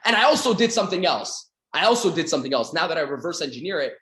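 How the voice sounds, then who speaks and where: A man from Canada giving a motivational sales talk, energetic and acting out little scenes with his voice. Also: quick pace, few pauses, echoey room. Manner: energetic, acts out quoted dialogue with big pitch swings. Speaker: sales coach.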